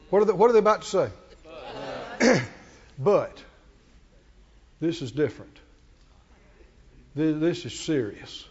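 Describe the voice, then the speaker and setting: A man preaching a sermon, telling a story dramatically, acting out the characters and swinging from shouts to near-murmurs. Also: on the high side, animated, muffled recording. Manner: acts out the characters' lines in quick voices.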